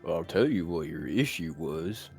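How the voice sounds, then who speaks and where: A man's voice: sits low, lively intonation, normal speed, a little mellow, soft background music. A man playing his character in a tabletop game, plainspoken and joking. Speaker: player.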